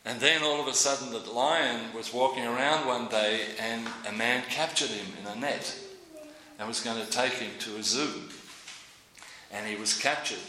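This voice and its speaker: Man, devotional talk, anecdotal, repeats himself, bright tone, roomy echo. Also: medium pitch, moderate pace, a little hiss or hum. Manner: rambling, anecdotal, repeats his words. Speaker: devotional speaker.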